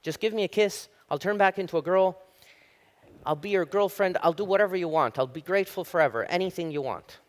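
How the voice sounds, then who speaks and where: A man's voice: sits high, brisk, big-room sound, pitched above the performer's own voice, natural voice. A man voicing a talking frog that claims to be a princess, wheedling and insistent. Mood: coaxing. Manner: wheedling, insistent, increasingly agitated.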